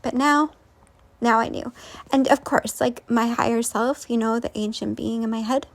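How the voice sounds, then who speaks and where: High-voiced woman telling a rambling story. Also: fairly even intonation, normal speed. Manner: rambling, many fillers and restarts. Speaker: vlogger. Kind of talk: casual storytelling.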